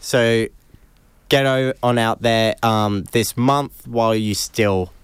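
A man hosting community radio, casually reading out a local gig guide at an unhurried pace. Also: mid-range voice, clear, resonant tone, dry recording. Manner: relaxed, unhurried listing of dates. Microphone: studio microphone.

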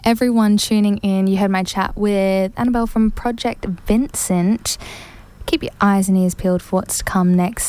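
A woman's voice: medium pitch, dark tone. A woman hosting a community radio show, speaking in an easygoing, friendly way into a studio microphone. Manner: friendly, easygoing sign-off patter. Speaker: radio host.

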